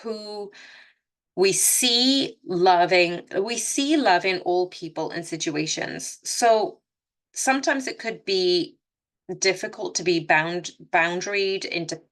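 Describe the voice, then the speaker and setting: A woman with a fairly low, fairly bright voice delivers an unscripted tarot reading. She talks earnestly to her listeners, often stopping to restart or correct herself.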